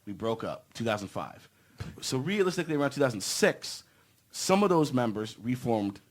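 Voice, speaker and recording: A male musician chats casually as a podcast guest, rambling and joking as he goes. His voice sits at an ordinary middle pitch, and he leans on fillers throughout. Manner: rambling, joking, heavy with fillers like "you know". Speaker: band member guest. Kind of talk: casual podcast interview chat.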